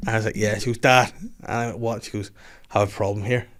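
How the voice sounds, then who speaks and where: A man's voice: lowish voice, steady tone, quick pace, fairly bright tone. A man, hosting a podcast and telling rude stories in casual chat, laughing often. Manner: bawdy storytelling, laughing often. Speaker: podcast host.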